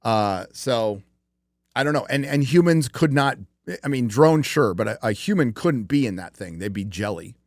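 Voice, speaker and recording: A man's voice: mid-range voice, lively intonation, normal speed, dry recording, clean studio sound. A man hosting a livestream show, talking casually in a rambling, profane way with many fillers. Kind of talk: casual chat.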